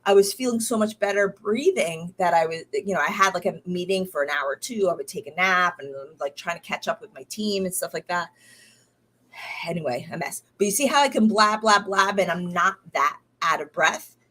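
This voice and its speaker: A woman's voice: fairly low pitch, normal speed, fairly bright tone. A woman in her thirties chatting casually diary-style, rambling with many fillers and restarts, tired and recovering from illness. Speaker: podcast host.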